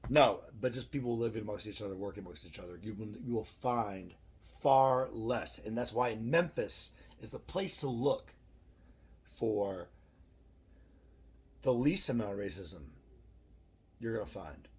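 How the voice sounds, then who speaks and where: Middle-aged man, low voice, swearing rant, rambling vlog monologue. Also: measured pace, a little mellow, breathy edge. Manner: profane, ranting, self-deprecating. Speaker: vlogger.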